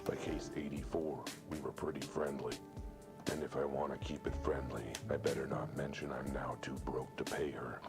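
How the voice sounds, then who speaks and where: A man voicing a broke male cat detective, reading game lines in a hushed, deadpan noir way. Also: rumbling low, moderate pace. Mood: wry. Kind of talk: reading game dialogue aloud. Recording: loud game music behind.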